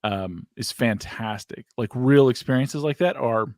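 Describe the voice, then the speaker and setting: A man's voice: medium pitch, a little slow, a little mellow, dry recording, studio quality. A man co-hosting a casual paranormal podcast chat, joking, laughing often and swearing. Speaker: co-host.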